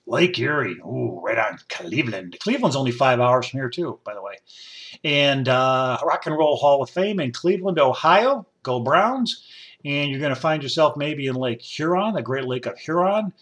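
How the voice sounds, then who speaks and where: A middle-aged man hosts a solo podcast in a loose, folksy monologue. He wanders from one tangent to the next with easy enthusiasm. His voice sits at an ordinary middle pitch for a man. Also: expressive, moderate pace, fairly bright tone. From upstate New York. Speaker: podcast host.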